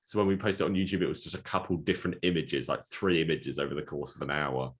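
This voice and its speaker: Very deep-voiced man. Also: steady tone, fast. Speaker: podcast co-host. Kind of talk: casual movie podcast chat.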